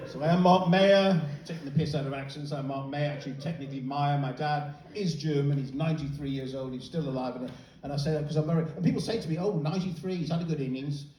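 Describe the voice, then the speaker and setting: A man's voice: fairly high pitch, fast, few pauses, a little mellow. A middle-aged man doing a stand-up comedy set, sardonic and freely swearing, often mimicking other people in raised voices. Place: comedy venue with a live audience. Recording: roomy live venue, distant mic, crowd noise. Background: audience laughter.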